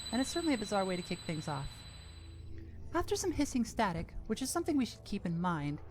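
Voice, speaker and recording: Calm woman narrating a video essay. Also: medium pitch. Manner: measured, calm storytelling delivery. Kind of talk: scripted narration.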